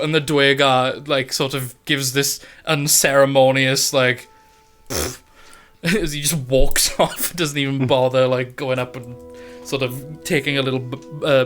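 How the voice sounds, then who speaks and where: DM, bright, slightly high voice, chatty and laughing, soft music under. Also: male voice, steady tone, takes it slowly. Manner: chatty, laughs often, loose storytelling. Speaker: dungeon master. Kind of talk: narrating a tabletop game, casual.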